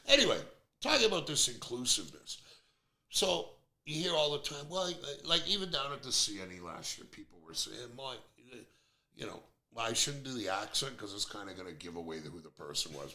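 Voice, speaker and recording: Gravelly, outspoken man in his 50s. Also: mid-range voice, very animated, a little fast, sharp tone. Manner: blunt, outspoken, opinionated. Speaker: podcast host. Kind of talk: casual podcast chat. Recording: roomy echo.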